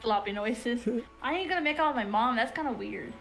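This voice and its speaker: A woman's voice: high-pitched, expressive, fast, creaky, loud music behind the voice, low-quality recording. A woman guest on a casual stream chat, joking and crude in a playful way.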